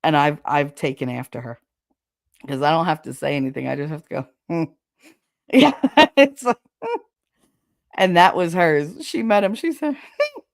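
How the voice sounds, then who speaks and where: A woman hosts a podcast in a low voice with vocal fry, keeping a moderate pace. She tells frank, gossipy family stories in casual conversation and laughs often. The recording is dry and studio quality.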